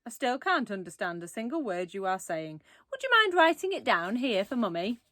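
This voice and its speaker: A woman's voice: on the high side, very animated, moderate pace, fairly bright tone, no echo, studio quality. A woman reading aloud and voicing a creepy, falsely sweet female dentist who calls herself Mummy. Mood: sickly sweet. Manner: falsely sweet, mock-polite.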